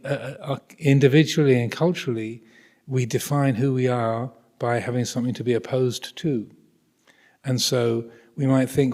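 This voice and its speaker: A Buddhist monastic teacher giving a thoughtful, hesitant Dharma talk with many restarts, in a monastery hall. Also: male voice, mid-range voice, a little mellow. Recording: reverberant hall recording.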